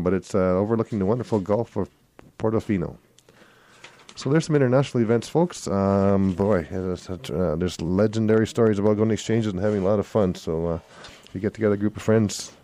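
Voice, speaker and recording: Deep-voiced rambling radio host man. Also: dark tone. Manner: rambling, self-correcting, chuckles at slips. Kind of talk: casual radio announcements.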